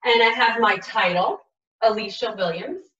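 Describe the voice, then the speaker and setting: A woman teaching a writing lesson to young children, modeling aloud and sounding out letters slowly and with exaggeration. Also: on the high side, sharp tone, roomy sound, far from the mic, lo-fi sound.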